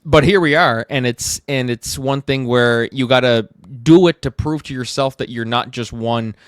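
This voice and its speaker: A man from Canada talks about his acting path on a podcast, thinking aloud with frequent ums and uhs. His voice is smooth and resonant at a middle pitch, recorded close and dry. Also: normal speed, no room sound. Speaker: podcast guest, actor and theatre director. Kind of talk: casual interview chat.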